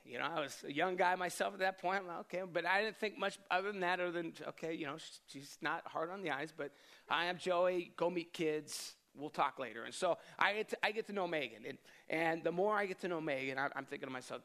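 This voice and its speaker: A man in his thirties, a pastor telling a lively personal story in a sermon and laughing often as he goes. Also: a little high, brisk. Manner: animated storyteller, self-deprecating, laughs often.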